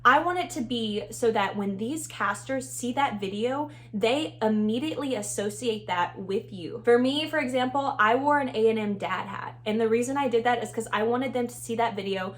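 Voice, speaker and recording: A woman's voice: on the high side, normal speed, few pauses. A young woman with a Texan accent giving upbeat, chatty advice in a casual vlog, laughing often. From Texas. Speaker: vlogger, former reality show contestant.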